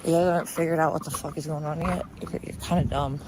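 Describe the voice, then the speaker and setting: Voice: medium pitch, steady tone, fast talker. Streamer clip, rambling gripes, noisy stream audio behind. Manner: rambling, complaining. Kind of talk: casual livestream talk.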